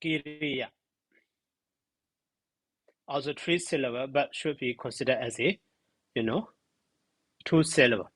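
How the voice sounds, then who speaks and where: A man giving a spoken grammar lesson, slow and halting, sounding out syllables one by one. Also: medium pitch, a bit bright, no room sound, poor audio. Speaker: monk teaching grammar.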